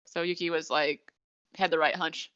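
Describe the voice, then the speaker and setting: Woman recapping an episode, crisp voice. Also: sits low, fairly even intonation, normal speed, fairly bright tone, no room sound, highs cut off. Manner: rambling retelling, many "like" fillers. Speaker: podcast co-host. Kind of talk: casual anime episode recap.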